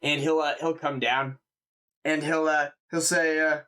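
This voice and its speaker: A man's voice: fairly high pitch, little pitch movement, a little slow, pushed and bright. A man narrating a tabletop game as game master, casual and full of fillers.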